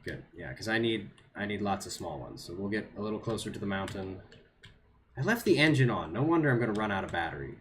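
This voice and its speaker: A man's voice: on the low side, expressive, fast talker, a little hiss or hum. A man streaming a video game, talking to himself and his chat in a nervous, repetitive way. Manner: nervous self-talk, repeats phrases under pressure. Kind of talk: live gameplay commentary to chat.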